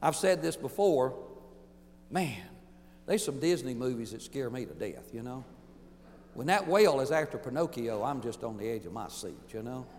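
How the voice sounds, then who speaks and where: A pastor preaching a sermon emphatically, swinging between booming declarations and hushed asides. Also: male voice, big pitch swings, normal speed, long reverb tail.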